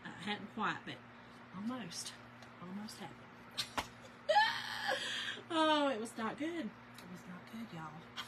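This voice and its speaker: A woman's voice: medium pitch, background noise. A chatty woman, telling stories to viewers and reading their names aloud during a casual crafting livestream.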